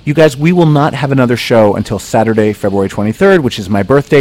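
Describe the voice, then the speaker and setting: A man's voice: medium pitch, expressive, fast talker, few pauses, darkish tone, no echo. A man hosting a podcast, asking playful, teasing questions in casual chat. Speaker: podcast host.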